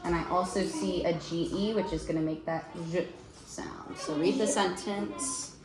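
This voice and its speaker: Woman reading teacher, lower register, patient and upbeat; echoey classroom, kids audible behind. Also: steady tone, a crowd in the background. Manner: patient, encouraging, clear and slow when explaining sounds. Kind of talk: small-group reading lesson.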